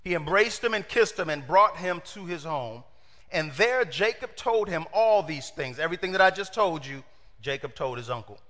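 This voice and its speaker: A middle-aged man preaching a lively storytelling sermon, acting out voices and talking to the congregation. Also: on the high side, moderate pace. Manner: lively, acts out quoted voices, talks to the congregation. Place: church hall. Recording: long hall reverb.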